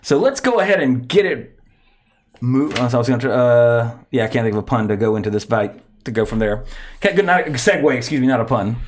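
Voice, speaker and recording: Male podcast host, mid pitch, loose rambling delivery, self-corrects, chuckles. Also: animated, a little fast, slight background noise. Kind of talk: casual podcast chat.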